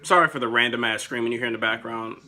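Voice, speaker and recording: An excitable young man chats loosely and swears freely as he rambles through his ideas. His voice is very bright and sits at a middle pitch. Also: quick pace. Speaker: wrestling vlogger. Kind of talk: casual chat.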